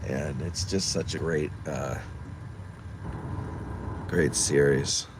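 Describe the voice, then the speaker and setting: A man with a very deep voice speaks slowly and steadily while hosting a casual live stream from his car in town. He reads viewer comments aloud and chats back as he drives. Traffic and street noise from the moving car come through clearly.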